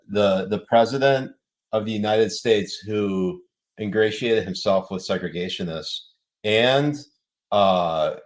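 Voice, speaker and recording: A man hosting a casual political chat show, animated and laughing often as he reads out news stories. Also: fairly low pitch. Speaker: podcast host.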